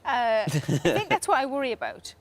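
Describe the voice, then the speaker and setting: Chatty Geordie woman, high voice. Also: very animated, a little fast. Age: 40s. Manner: chatty, candid, laughs often. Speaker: comedian. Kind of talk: casual chat. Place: indoor venue with a stage.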